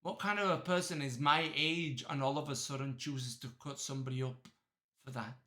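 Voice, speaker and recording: A man in his twenties from Texas, reacting to a video in blunt, profane casual commentary that breaks into loud cheering. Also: medium pitch, steady tone, moderate pace. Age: 20s.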